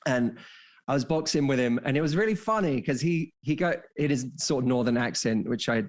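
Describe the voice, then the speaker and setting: A man's voice: mid-range voice, brisk. A man in his thirties, a dating coach on a podcast, explaining ideas through stories and acting out quoted dialogue. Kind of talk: casual podcast conversation.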